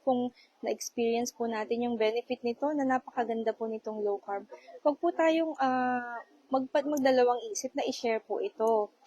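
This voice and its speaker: A woman's voice: fairly high pitch, darkish tone, muffled recording. A woman in her forties from the Philippines, with a Filipino accent, talking in a polite, heartfelt way with frequent hesitations on a casual livestream. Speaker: low-carb vlogger.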